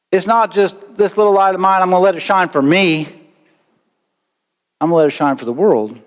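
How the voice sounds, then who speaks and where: A male pastor preaching a sermon with animated delivery and sudden loud bursts. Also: on the high side. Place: church sanctuary. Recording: long church reverb.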